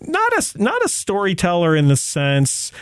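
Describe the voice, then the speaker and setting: A man speaks as a guest historian in a relaxed podcast chat indoors. He talks thoughtfully, hedges his points and fills pauses with "you know." The sound is dry, with little room tone. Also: high-pitched, clean tone, no room sound. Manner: thoughtful, hedging, many "you know" fillers. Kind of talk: casual podcast discussion. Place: indoor room with others present.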